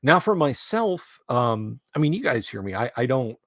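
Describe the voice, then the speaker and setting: A man's voice: medium pitch, sing-song, normal speed, no echo. A middle-aged man streaming, chatting casually and telling rambling anecdotes close to his mic. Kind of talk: casual chat.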